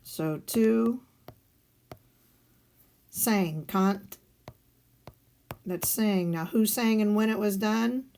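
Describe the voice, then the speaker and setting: A woman teacher talks through a recorded lesson at an unhurried pace, step by step. Her voice sits at a middle pitch, and she poses questions to the class and answers them herself. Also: creaky, darkish tone. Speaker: Spanish teacher. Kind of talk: recorded video lesson walking through guided notes.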